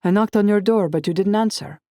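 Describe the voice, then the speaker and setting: A woman's voice: medium pitch, fairly quick, dark tone, dry recording, clean studio sound, voice pushed up, close to an everyday voice. A woman voicing a worried employer in an audiobook, urgent and anxious. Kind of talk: audiobook dialogue.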